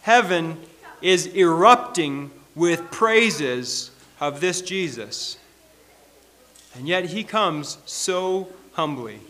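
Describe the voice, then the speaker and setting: High-voiced man preaching a sermon. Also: expressive, bright, forceful tone. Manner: earnest, emphatic preaching with slowed, stressed phrases; reads scripture aloud to the congregation.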